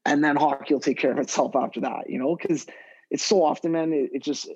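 A man, a guest hockey skill development coach, talking casually on a podcast in a rambling, animated way full of fillers and restarts. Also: fairly high pitch, a little fast, husky, highs cut off.

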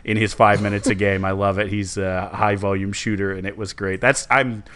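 A young man, co-hosting a podcast in casual, rambling, animated chat. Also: fairly low pitch, normal speed, smooth. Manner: rambling, self-correcting and animated. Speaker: podcast co-host.

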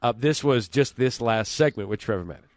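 A man's voice: mid-range voice, a little fast, no echo, clean studio sound. A man hosting a sports radio show, teasing his co-host in casual banter and reading ads. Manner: teasing, joking.

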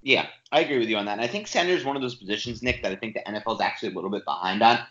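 A man's voice: lowish voice, rapid-fire, sharp tone, reverberant. A man co-hosting a sports podcast, ranting emphatically and with frustration in casual talk. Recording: dull lo-fi audio.

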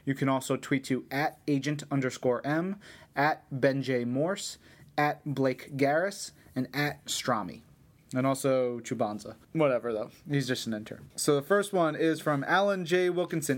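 A man hosting a podcast, briskly leading the question segment with wry asides. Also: medium pitch. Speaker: podcast host. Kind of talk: casual chat.

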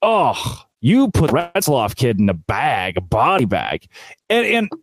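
A man hosting a college football recap show, ranting with exasperated sarcasm and animated swings in his voice. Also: mid-range voice, slow pace, dry recording. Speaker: sports show host.

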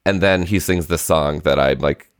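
A man in his thirties co-hosting a chatty podcast, telling a story thoughtfully with frequent pauses and restarts. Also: a bass voice, clear, resonant tone, no echo, studio quality. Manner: reflective storytelling with many hesitations. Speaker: podcast co-host. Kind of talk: casual chat.

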